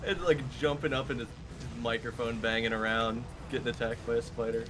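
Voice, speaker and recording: A man's voice: mid-range voice, fairly even intonation, fairly quick, a bit bright, slight background noise. A young man speedrunning alongside a friend, chatting in an easygoing, teasing way. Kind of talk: casual chat while gaming.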